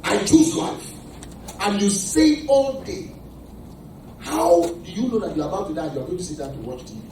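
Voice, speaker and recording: A man's voice: high voice, big pitch swings, fairly quick, mellow, a little hiss or hum. A man preaching a sermon as pastor, emphatic and quizzing the congregation with questions. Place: church hall. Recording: echoey hall from far off.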